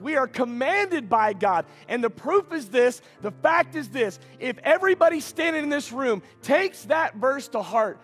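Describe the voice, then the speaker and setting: Male pastor, high husky voice, playful congregational banter, church hall reverb, soft music underneath. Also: sing-song, moderate pace, few pauses. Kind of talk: sermon. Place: church sanctuary.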